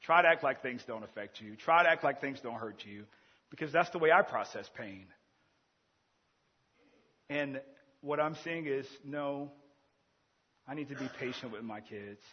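A man in his thirties preaching a sermon, earnest, swinging between loud emphasis and quiet, intimate asides. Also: mid-range voice, normal speed, long pauses, breathy edge, in a large hall, lo-fi sound. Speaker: pastor.

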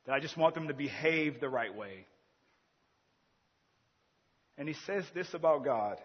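A man in his thirties preaching a sermon, earnest, swinging between loud emphasis and quiet, intimate asides. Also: on the high side, animated, a little fast, hardly any pauses, husky, big-room sound, muffled recording. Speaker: pastor.

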